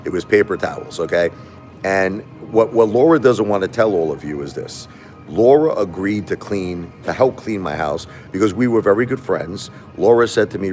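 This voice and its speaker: A man's voice: low voice, animated, normal speed, a little mellow, soft background music. A man hosting a live stream in a casual monologue, aggrieved and repetitive, putting rhetorical questions to his viewers.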